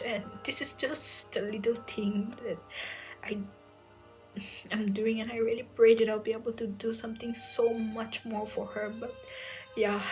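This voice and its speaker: A young woman recounts a personal story in a soft, hushed voice that keeps slipping toward a whisper. Her pitch stays level and narrow as she speaks through tears, full of "you know" and "like". Light music plays underneath. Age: young adult. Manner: soft-spoken, often near a whisper, many fillers. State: tearful, emotional. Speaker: medical entrance exam aspirant sharing her story.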